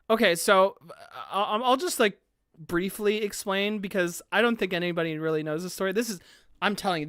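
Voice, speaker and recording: A woman's voice: lowish voice, a bit bright, no echo, studio quality. A woman streamer chatting casually on a live stream, rambling with lots of "like" fillers and frequent laughter.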